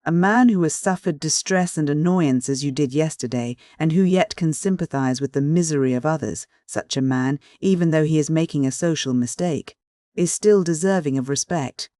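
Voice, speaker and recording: A man voicing an earnest, excitable young idealist who speaks eagerly and preachily, in an audiobook. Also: on the high side, normal speed, dry recording, clean studio sound, close to an everyday voice.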